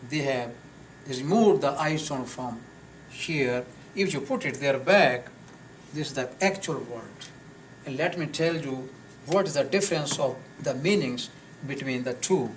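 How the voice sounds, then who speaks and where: Slow, deliberate male teacher. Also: mid-range voice, expressive. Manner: slow, deliberate, repeats words and sounds. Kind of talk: classroom lesson on pronunciation. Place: classroom. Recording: distant mic with faint noise.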